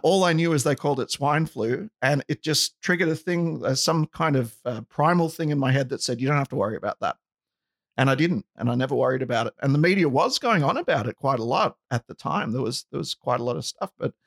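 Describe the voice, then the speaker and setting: A man's voice: on the high side, gravelly, no echo, studio quality. A man hosting a casual podcast conversation, rambling and often checking in with "right?". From outside the US. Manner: rambling, with frequent "right?" asides.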